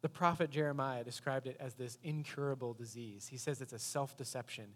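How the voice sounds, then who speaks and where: A man's voice: medium pitch, fairly quick. A male pastor giving a sermon in a conversational, storytelling way. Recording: long hall reverb.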